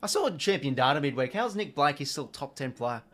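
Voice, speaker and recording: A man's voice: fairly high pitch, lively intonation, a little fast, a bit bright. An Australian man hosting a live football watch-along, talking in a casual, rambling and exasperated way, swearing now and then and reading out viewer donations.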